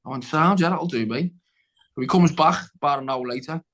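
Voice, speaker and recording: A man's voice: on the high side, a little fast, fairly bright tone, low-quality recording. A man, a guest actor on a podcast, telling a long story in casual chat, rambling and restarting, acting out what people said. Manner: rambling, with many restarts and acted-out quotes.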